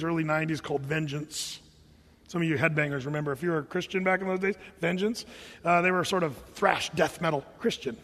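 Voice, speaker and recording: A man preaching a sermon, animated and conversational, often repeating words and acting out the quotes he tells. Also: sits high, big-room sound. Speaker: pastor.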